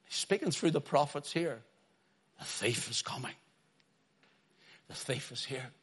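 A middle-aged man preaching a sermon, swinging from quiet storytelling to loud urgent calls. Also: medium pitch, measured pace, husky.

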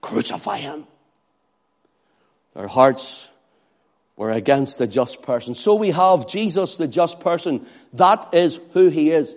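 A man's voice: a little high, a little mellow. A man preaching a sermon, who acts out crowd cries and pleas in a raised voice.

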